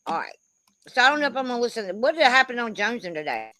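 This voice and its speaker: A woman's voice: a little high, sing-song, fast talker, sharp tone, dry recording. A woman chatting casually on a livestream, talkative and swearing offhandedly.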